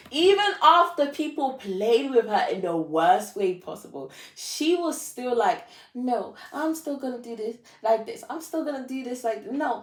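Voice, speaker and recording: A woman's voice: a little high, echoey room. A young woman talking to camera in a dramatic, self-mocking confessional monologue, repeating lines for effect. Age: young adult. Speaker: vlogger.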